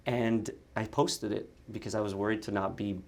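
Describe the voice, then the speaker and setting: A man speaking in a fairly low register, recounting stories in a relaxed interview. His delivery is lively, with quick bursts and frequent restarts. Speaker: actor and content creator, guest. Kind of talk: casual interview chat.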